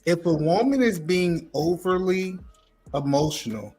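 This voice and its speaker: A man's voice: a little high, lively intonation, a little slow, darkish tone, soft background music. A man on a podcast panel asking pointed questions in a casual debate, with a joking edge.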